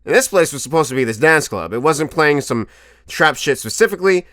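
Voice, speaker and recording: A man in his twenties telling a comic story to camera as a vlogger, animated and profane, often laughing. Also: fairly high pitch, brisk, no echo, studio quality. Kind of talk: comedic storytelling monologue.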